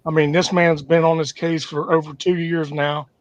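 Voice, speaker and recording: A man's voice: a little high, little pitch movement, moderate pace, no echo, highs cut off. A man co-hosting a casual livestream chat who talks in a laid-back, frank, plain-spoken way. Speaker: livestream co-host.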